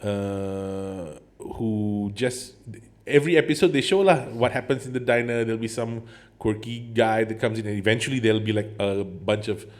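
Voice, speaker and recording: A man's voice: lowish voice, normal speed, darkish tone. A man co-hosting a casual podcast, dropping "lah" and Malay words into his talk. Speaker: podcast co-host. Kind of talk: casual chat.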